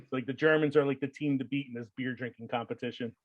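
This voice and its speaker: A man hosting a podcast in a loose, chatty way, trailing off into "uh" and "like" and laughing as he goes. His voice sits at an ordinary pitch. It is recorded close and dry, with no room sound. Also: no room sound, highs cut off. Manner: rambling, laughs often, filler-heavy. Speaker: podcast host. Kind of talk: casual chat.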